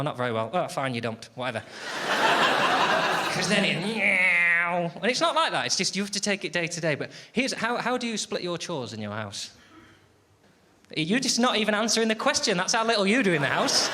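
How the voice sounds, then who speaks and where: An English man performing a stand-up comedy set on stage, ranting in an exasperated, sardonic way and bantering with the crowd. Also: a little high. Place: live comedy venue, audience laughing. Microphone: stage microphone. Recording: live show with loud crowd noise.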